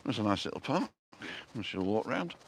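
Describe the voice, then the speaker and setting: A man with a fairly low voice hosts a casual live walking vlog from a town street and park. He chats in a rambling way, says hello to viewers by name, and films on a handheld phone, with soft outdoor ambience behind him. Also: sing-song, moderate pace, vocal fry, slight background noise. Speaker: vlog host on a live stream.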